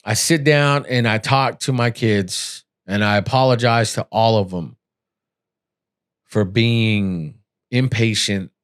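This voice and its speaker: A man's voice: fairly low pitch, slow, clear, resonant tone. A middle-aged man hosting a podcast, telling his own story in a candid, earnest, blunt and emotional way. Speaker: podcast host.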